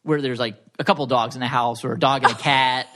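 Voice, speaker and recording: A man co-hosting a podcast, chatting in a relaxed, supportive way. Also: mid-range voice, fast talker. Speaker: podcast co-host. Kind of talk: casual podcast chat.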